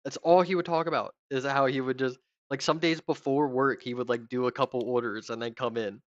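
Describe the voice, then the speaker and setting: A man's voice: medium pitch, steady tone, brisk, no echo, dull audio. A young man in casual chat while gaming, rambling with lots of fillers and swearing freely.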